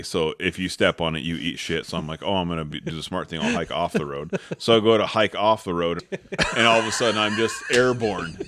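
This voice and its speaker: A man with a very low voice tells a hunting story in casual podcast chat. He swears freely and acts out the other people's lines. The sound is dry and close. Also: fairly bright tone, dry recording. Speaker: podcast co-host.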